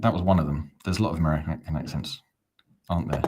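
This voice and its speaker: A man's voice: a bass voice, fairly even intonation, fast, dark tone, a little hiss or hum. A man hosting a live fan watch-along, talking in a chatty, rambling, self-mocking way. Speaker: fan channel host.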